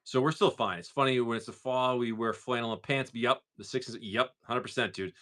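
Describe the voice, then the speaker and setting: A man's voice: mid-range voice, moderate pace, fairly bright tone. Male streamer from Massachusetts, easygoing and rambling, casual swearing, mid-range voice. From Massachusetts, USA. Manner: rambling and laid-back, swears casually, lots of "like" and "dude". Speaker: live-stream host. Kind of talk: casual live-stream chat.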